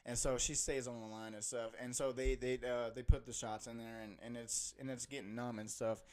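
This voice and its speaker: A young man hosting a podcast, telling an animated story with lots of laughing and "bro". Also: medium pitch, fairly quick, clean tone. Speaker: podcast host. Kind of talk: casual storytelling chat.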